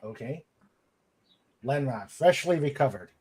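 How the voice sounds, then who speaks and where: A man's voice: medium pitch, animated, unhurried, a loud crowd. A man hosting a casual podcast, reading chat comments aloud and laughing often.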